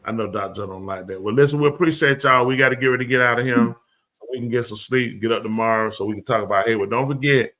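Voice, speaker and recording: Man hosting a live show, bright punchy voice, aave, goofy and repeating himself. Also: mid-range voice, quick pace. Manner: playful, repeats words, drawling and animated. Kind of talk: casual live-stream banter.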